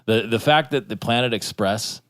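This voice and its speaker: A man's voice: mid-range voice, normal speed, a bit bright, dry recording, studio quality. A man co-hosting a podcast, musing and asking the others questions about a cartoon episode. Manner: musing, asks the group questions. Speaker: podcast co-host.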